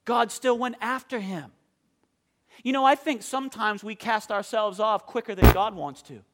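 A man preaching a sermon, asking the congregation questions and reading scripture with slow, drawn-out emphasis, his delivery swinging from booming to hushed.

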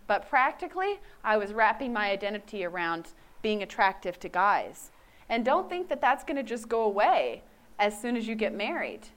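A woman's voice: mid-range voice, sing-song, moderate pace. A woman in her forties giving a candid, self-mocking personal faith testimony. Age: 40s.

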